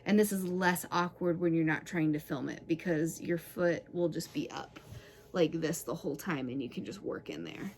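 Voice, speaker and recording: A woman's voice: low voice, normal speed. Young woman chatting through a self-massage demo, easygoing, sighing now and then, faint hiss behind. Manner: relaxed, chatty, frequent sighs and breathy groans of relief. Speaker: massage tool demonstrator. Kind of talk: casual self-massage tutorial.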